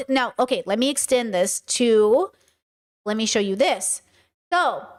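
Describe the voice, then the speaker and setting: Passionate high-voiced woman streamer. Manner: passionate, direct, animated argument; reads out chat messages and answers them. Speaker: streamer and commentator. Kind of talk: livestream commentary.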